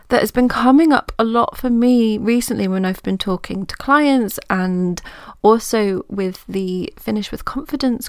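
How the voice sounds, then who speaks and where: A woman coach hosting her own podcast, talking through ideas in a gentle, reassuring way, as if thinking aloud. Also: medium pitch, no room sound, clean studio sound. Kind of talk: reflective solo podcast talk.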